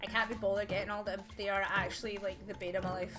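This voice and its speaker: A woman's voice: medium pitch, level tone, fast. A woman chatting casually as she plays a video game, rambling with plenty of fillers and little laughs. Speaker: let's play gamer. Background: game music.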